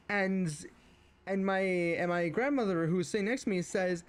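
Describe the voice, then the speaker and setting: While streaming, a young man with a high voice rants casually about his family at normal speed. He rambles with many restarts and fillers, his voice rising when he gets riled.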